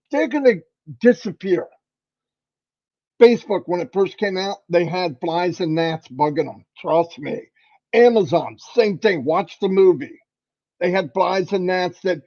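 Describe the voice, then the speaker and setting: A man hosting a livestream, giving an animated, folksy motivational talk. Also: high-pitched, lo-fi sound. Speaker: livestream host.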